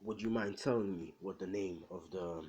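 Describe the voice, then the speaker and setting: Formal earnest older hero mentor, polite, lowish voice, as a man quotes him. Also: normal speed, darkish tone, dull audio, a little hiss or hum, lightly acted. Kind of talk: casual retelling with quoted voices.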